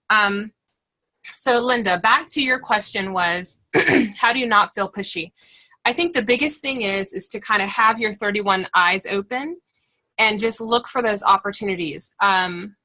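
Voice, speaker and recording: A woman's voice: medium pitch, pushed and bright, poor audio. A woman leading a monthly call for her direct sales team, chatty and encouraging, acting out the lines she says to customers.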